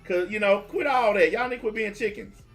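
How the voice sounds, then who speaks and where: High-voiced blunt man ranting. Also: a little fast, a bit bright, faint music behind. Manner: blunt, mocking, confrontational. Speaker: livestream host taking calls. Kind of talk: profane livestream rant.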